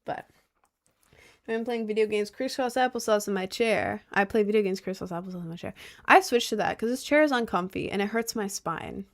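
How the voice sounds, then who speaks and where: A woman's voice: medium pitch, fairly quick. A young woman live streaming from her chair at home, chatting casually and sarcastically with her chat, full of "like" and laughs.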